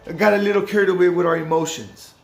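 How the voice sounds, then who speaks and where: Man, casual vlog storyteller, street slang and cursing, slightly high voice, echoey room. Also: quick pace, vocal fry. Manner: profane street slang, lively retelling. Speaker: vlogger recounting a recovery-home stay.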